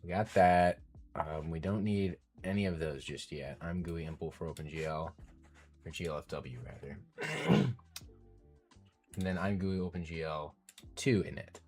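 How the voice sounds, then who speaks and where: Low-voiced man muttering through code. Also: a little slow, darkish tone, soft background music. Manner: mutters code aloud, self-deprecating, easily frustrated. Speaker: programmer live-streaming coding. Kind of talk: casual think-aloud coding commentary.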